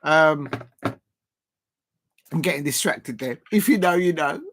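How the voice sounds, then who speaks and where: A man's voice: on the high side, animated, unhurried, fairly bright tone. Rambling man chatting during a football stream. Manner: rambling, many fillers and restarts; chats to viewers while eating. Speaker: football watch-along streamer. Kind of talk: casual live-stream chat.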